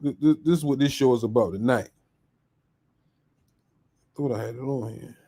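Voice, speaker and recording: A man's voice: mid-range voice, moderate pace, warm tone, husky. A man hosting a live podcast in casual chat, upbeat and slangy as he greets viewers by name. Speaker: podcast host.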